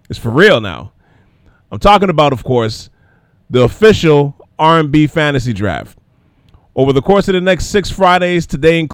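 A man's voice: fairly high pitch, dry recording, clean studio sound. Upbeat man hosting a podcast. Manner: upbeat, chatty, self-promoting. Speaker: podcast host. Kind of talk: casual podcast monologue.

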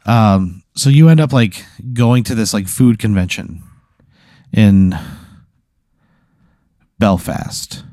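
A man with a fairly low, mellow voice leads an improvised story, rambling and packing in fillers. The sound is dry and close. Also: slow pace, pauses often, no echo. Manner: rambling, filler-heavy narration. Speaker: game master of an improv bit.

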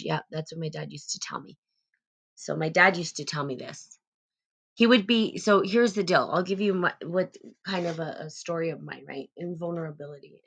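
A woman's voice: low-pitched, steady tone, fairly quick, creaky. A woman hosting a live stream, reading out viewer comments and telling an emotional personal story in a rambling way, close to tears. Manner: rambling, with frequent restarts and loud bursts. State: on the verge of tears.

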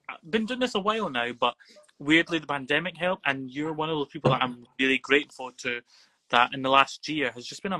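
A man's voice: mid-range voice, pushed and bright, no echo, low-quality recording. A man with a Scottish accent, a guest actor in casual chat, bubbly and teasing.

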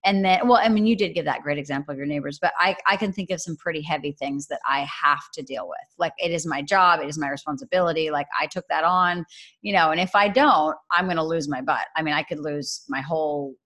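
A woman in her thirties in a casual faith chat, telling a story in a chatty, animated way with lots of fillers. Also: sits low, fairly quick.

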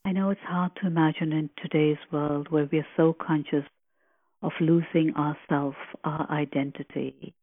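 A woman giving a slow, reverent spiritual commentary on a sacred hymn, reflective and full of pauses. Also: sits low, steady tone, no echo. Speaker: podcast host explaining scripture. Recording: tinny phone-like line.

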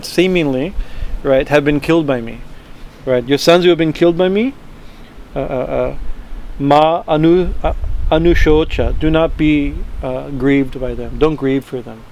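A man teaching a verse-by-verse scripture class, chanting Sanskrit words slowly and then translating them, with many fillers and restarts. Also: on the high side, a little mellow, slight background noise.

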